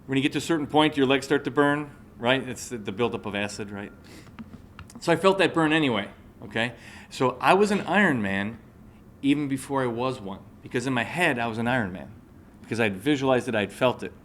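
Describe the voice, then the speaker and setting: Speaking quickly and expressively, a man in his forties delivers a live motivational talk, weaving in a personal story and regularly checking on his audience. His mid-range voice is a bit bright, with slight noise in the background.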